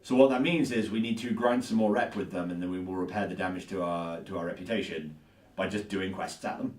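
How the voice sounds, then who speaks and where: A young man with a low voice chatting on a podcast, agreeable and thinking aloud as he goes. He is heard from a distance in a room with noticeable echo. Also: fairly quick, a little mellow. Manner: agreeable, thinks aloud with frequent "yeah" and restarts. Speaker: podcast co-host and tabletop player. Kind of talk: casual podcast chat. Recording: echoey room, far from the mic.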